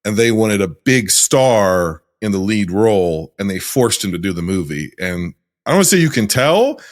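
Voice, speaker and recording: A man co-hosting a casual podcast, talking in animated bursts with swearing and loud laughter. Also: lowish voice, normal speed. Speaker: podcast co-host. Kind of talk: casual chat.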